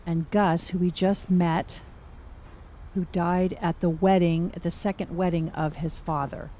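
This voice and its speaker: A woman's voice: fairly low pitch, little pitch movement, measured pace, mellow, slight background noise. A middle-aged woman giving casual gameplay commentary, chatty and thinking aloud with wry asides. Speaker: gaming streamer.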